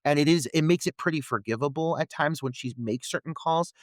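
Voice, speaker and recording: A man's voice: fairly high pitch, brisk, dry recording. Wry, easygoing man discussing a film. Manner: relaxed, wry commentary with filler words. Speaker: podcast co-host.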